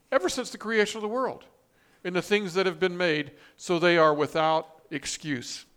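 In a fairly high, slightly bright voice, a male pastor delivers a sermon, reading out scripture and quotes. He leans on words with emphatic, rising stress and restarts frequently.

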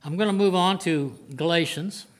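Older man, preacher; earnest plain-spoken sermon, voice sits a bit high. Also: moderate pace, a little hiss or hum. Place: church before a congregation.

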